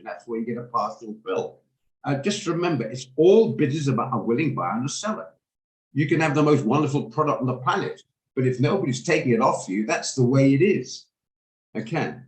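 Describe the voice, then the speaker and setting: Hoarse man teaching trading over video call. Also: medium pitch. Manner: explanatory, repeats and restarts words. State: hoarse, gravelly voice while recovering. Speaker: trading instructor. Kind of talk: live online trading lesson. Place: home room on a video call. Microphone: video call microphone. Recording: echoey room on a video call.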